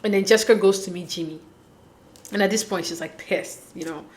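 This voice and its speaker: A woman hosting a casual recap of a dating show, chatty, opinionated and quick to laugh. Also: mid-range voice, a little mellow. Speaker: reality show recap host.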